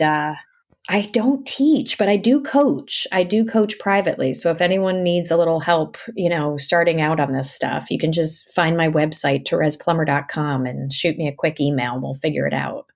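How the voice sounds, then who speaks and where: Female audiobook narrator, low voice, animated storyteller who laughs a lot. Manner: animated storyteller, laughs often, acts out her own asides. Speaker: audiobook narrator, podcast guest. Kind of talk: casual interview chat.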